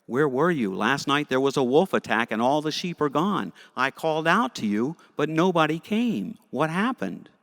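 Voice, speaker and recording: A man voicing a panicky young shepherd boy who cries out in high yells, in a church with long reverb. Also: big pitch swings, normal speed, vocal fry, few pauses, heavily acted. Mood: upset.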